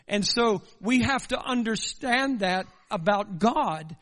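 A man's voice: sits high, expressive, slow, fairly bright tone. A man preaching a sermon with passion, speaking straight to his congregation and pushing his voice up at the climaxes. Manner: impassioned preaching, voice swelling at climaxes; addresses the congregation directly.

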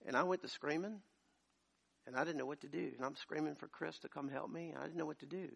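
A man preaching a sermon as pastor, moving from quiet storytelling to loud, shouted preaching. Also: a little high, fairly even intonation, quick pace, vocal fry, breathy edge. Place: church.

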